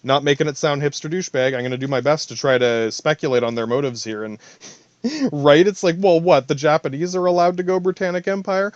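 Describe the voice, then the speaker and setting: A man's voice: a little high, fairly quick, no echo. Rambling profane man, dull lo-fi sound. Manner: profane, rambling, talks to himself in asides. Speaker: podcast host. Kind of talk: rambling solo monologue.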